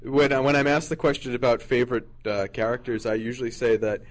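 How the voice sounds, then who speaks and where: A man speaking as a voice actor on a convention panel, joking, with halting restarts now and then. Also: mid-range voice, fairly even intonation. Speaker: voice actor guest.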